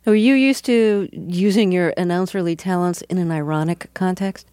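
Woman interviewer, playful and curious, lowish voice, dry studio. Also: normal speed, dark tone, dry recording. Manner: curious, playful, laughs easily. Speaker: interviewer, host. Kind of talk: radio interview.

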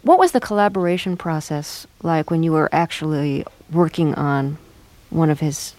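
A woman hosting a radio interview, asking measured, probing questions with small hesitations. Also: deep voice, expressive, a little mellow. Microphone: studio microphone.

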